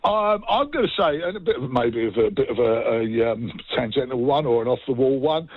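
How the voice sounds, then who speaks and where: A man from England giving animated, ranting opinions as a sports pundit in radio banter. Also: mid-range voice, a little fast, lo-fi sound, slight background noise.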